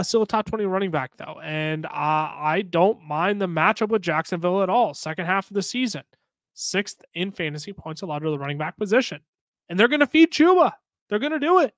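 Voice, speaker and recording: A man co-hosting a podcast, giving brisk, opinionated and jokey fantasy football picks in casual chat. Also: sits high, lively intonation, a bit bright, no echo. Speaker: podcast co-host.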